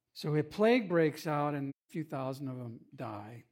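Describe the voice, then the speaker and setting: A pastor delivers a loose, conversational sermon full of jokes and quick asides to his listeners. His voice sits a bit higher than most men's. It rises and swells as he tells his stories. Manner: humorous, animated storytelling with asides.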